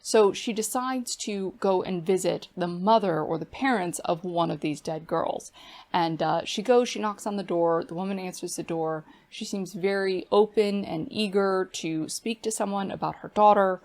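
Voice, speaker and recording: Woman book reviewer, chatty recap, mid-pitched, lots of fillers. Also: moderate pace, darkish tone. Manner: chatty, filler-heavy retelling. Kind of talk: casual plot recap.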